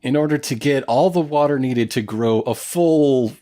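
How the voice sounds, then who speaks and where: A man's voice: mid-range voice, normal speed, mellow. A man co-hosting a podcast, recapping an anime in casual chat with a joking, storytelling manner. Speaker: podcast co-host.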